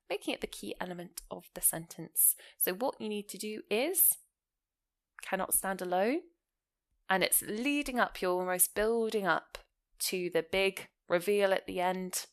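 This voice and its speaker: A woman teaching a grammar lesson. She explains points clearly and leans hard on key words, often. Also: mid-range voice. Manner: explanatory, stressing key words with lively rises and falls. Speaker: English teacher.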